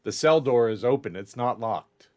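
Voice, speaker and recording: A man narrates a tabletop game as its game master. He talks in a measured way, often restarting phrases to set the scene. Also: medium pitch, lively intonation.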